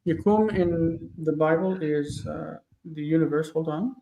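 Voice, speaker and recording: A man teaching a casual live Bible Hebrew lesson, thinking aloud with many fillers and reading verses slowly before explaining them. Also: on the high side, vocal fry, mellow, muffled recording.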